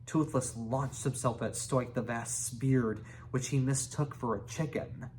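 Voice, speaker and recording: A man reads a children's novel aloud at a slow, careful pace, now and then tripping and going back over words. His voice sits at a middle pitch. A faint hiss lies beneath the recording. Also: fairly even intonation, a little mellow. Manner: unhurried, with restarts and asides. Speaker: reader. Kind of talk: reading a children's book aloud.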